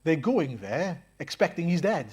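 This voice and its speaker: A man's voice: a little high, very animated, measured pace, darkish tone, slightly rough. A man preaching a sermon in a church, earnest, asking rhetorical questions and often hesitating and repeating words.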